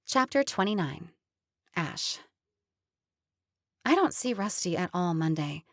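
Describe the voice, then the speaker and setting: A woman narrating a romantic comedy audiobook in the first person, lively and chatty. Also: fairly low pitch, slow, no echo, studio quality.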